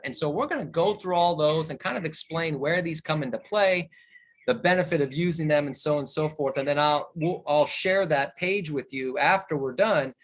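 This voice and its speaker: Animated man running a sales training. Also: a little high. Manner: animated, varies tone and speed to demonstrate questions. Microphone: video call.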